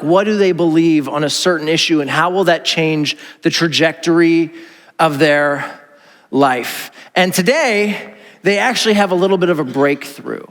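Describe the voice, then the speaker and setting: A pastor with a fairly high, slightly bright voice delivers a chatty, joking sermon to his church, acting out the voices of people he quotes. It's a casual, conversational sermon in a large church hall, and the recording carries the hall's reverb.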